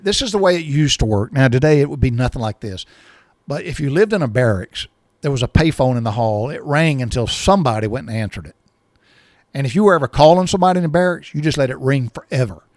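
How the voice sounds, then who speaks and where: A man's voice: mid-range voice, expressive, brisk, dry recording, studio quality. A man in his sixties telling a personal story in a folksy, rambling way, often repeating himself.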